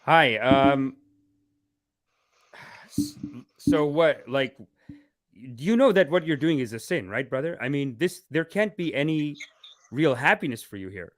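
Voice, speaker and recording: A man hosting a comedic live stream. He swings between hushed mock-spiritual calm and loud excited outbursts, laughing often. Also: mid-range voice, measured pace, pauses often. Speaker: livestream host.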